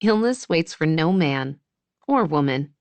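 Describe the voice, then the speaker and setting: A woman reading a wry, deadpan woman doctor. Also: deep voice, measured pace, clear, resonant tone, no room sound. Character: young woman doctor, warm, wry, worried.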